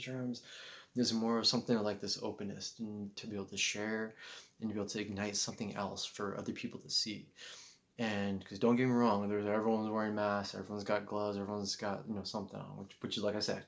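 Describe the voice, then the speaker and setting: A vlogger with a lowish voice and vocal fry tells a personal story to camera. He rambles casually with lots of fillers and restarts, acting out the voices of the people he quotes.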